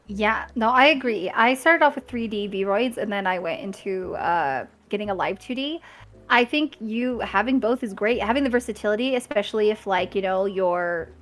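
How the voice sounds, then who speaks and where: A woman chatting casually as a guest on a creator talk stream, upbeat and quick to laugh while giving encouraging advice. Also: mid-range voice, expressive. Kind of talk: casual chat.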